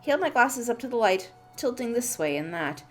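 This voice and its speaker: A woman hosting a let's play, reading a visual novel's narration aloud in an expressive storytelling manner. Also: on the high side, brisk, faint music behind.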